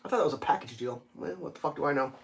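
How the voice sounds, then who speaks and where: A man's voice: mid-range voice, racing, gravelly, slight background noise. A man telling a rambling, profane story on a casual livestream, full of fillers and restarts. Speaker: livestream host.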